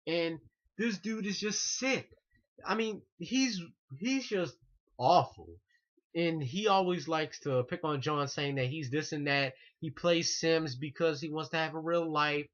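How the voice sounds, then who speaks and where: A man's voice: a little high, fairly bright tone. Indignant young man ranting to camera. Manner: indignant, repetitive, frequent restarts. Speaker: online ranter. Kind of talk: ranting vlog monologue. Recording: muffled lo-fi recording.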